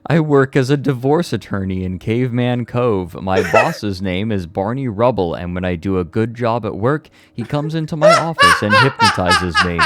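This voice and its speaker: A man voicing a goofy male caveman who rambles through absurd boasts in a hammy, deadpan way. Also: on the low side, a little hiss or hum.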